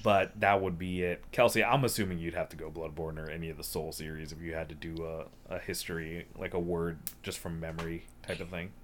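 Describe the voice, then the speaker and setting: A man's voice: sits low, little pitch movement, brisk, hardly any pauses, slight background noise. A man hosting a casual gaming podcast, joking and rambling with crude humor. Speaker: podcast host. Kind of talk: casual chat.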